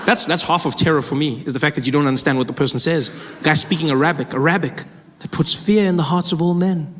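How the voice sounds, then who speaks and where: A man's voice: on the high side, quick pace, a bit bright. A man performing stand-up comedy, telling stories in a conversational way with self-correcting asides. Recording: live stage mic in a reverberant hall with a noisy crowd.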